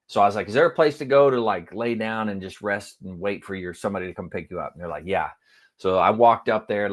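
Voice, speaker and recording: A man telling a long funny story in casual chat as a podcast co-host, acting out quotes with sudden jumps in voice. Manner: animated, acts out quotes with big pitch jumps.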